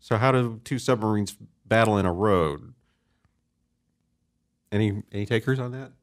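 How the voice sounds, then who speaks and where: A man's voice: on the low side, moderate pace. A man hosting a casual comedy history talk show, reading out dates and rambling with jokes and fillers. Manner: rambling, joking, lots of fillers. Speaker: host.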